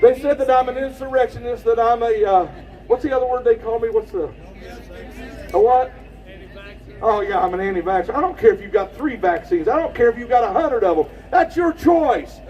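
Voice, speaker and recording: High-pitched man shouting a rally speech. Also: brisk, recorded from a distance, highs cut off, a faint crowd. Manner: impassioned, preacher-like shouting. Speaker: rally speaker. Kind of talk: outdoor political rally speech. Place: outdoors at a rally.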